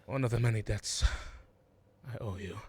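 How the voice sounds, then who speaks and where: A man's voice: lowish voice, normal speed, darkish tone, slight background noise. Hesitant man narrating as game master. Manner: hesitant, lots of ums and restarts.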